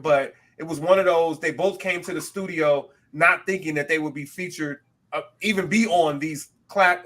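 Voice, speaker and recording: A male podcast co-host from the West Coast of the US, talking in loose, animated chat. His voice sits a bit high for a man and comes across bright and forceful. He drops in quick self-aware asides.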